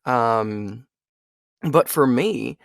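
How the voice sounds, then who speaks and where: Guest slot: young male voice actor, animated and chatty, dry close recording. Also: medium pitch, very slow, gravelly, no room sound. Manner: animated, chatty, frequent fillers. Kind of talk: casual interview chat.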